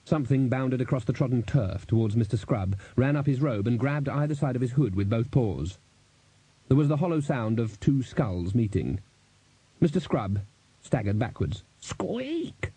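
A man narrating an audiobook in a measured, even storytelling manner, giving each character a voice. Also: mid-range voice, husky, dry recording.

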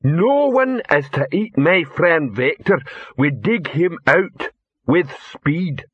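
A man voicing a big, brutish male troll leader who speaks slow, broken English in a commanding way. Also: a little high, lively intonation, breathy edge, no room sound, lo-fi sound, pitched above the performer's own voice, full character voice. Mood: bellowing.

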